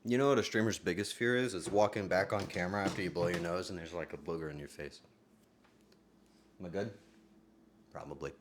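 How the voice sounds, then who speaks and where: A man streaming live from his home setup, rambling casually with sudden loud outbursts and soft asides. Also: deep voice, moderate pace, pauses often, a little hiss or hum.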